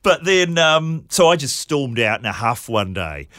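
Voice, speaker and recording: A man's voice: mid-range voice, sing-song, unhurried, bright, forceful tone, dry recording, clean studio sound. Kiwi man with an odd, drifting accent. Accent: mixed New Zealand and Australian, drifting English. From New Zealand. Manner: laughs often, self-deprecating anecdotes. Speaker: guest, comedian. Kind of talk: casual interview storytelling.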